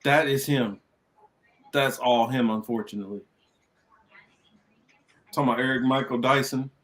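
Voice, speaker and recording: A man's voice: medium pitch, steady tone, normal speed, fairly bright tone. Joking, profane man in casual commentary. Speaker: podcast co-host. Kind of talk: casual commentary over video clips.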